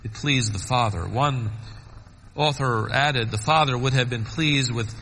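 A man preaching a sermon, swinging between soaring emphatic peaks and quiet low asides. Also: a little slow, in a large hall, slight background noise, poor audio.

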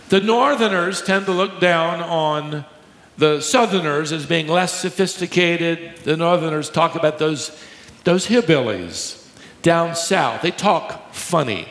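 A man preaching a sermon to a congregation, teaching emphatically, slowing down to stress key words and joking with the crowd. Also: fairly high pitch, fairly bright tone. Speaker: pastor. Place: large church hall with a live congregation. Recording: echoey hall, long reverb.

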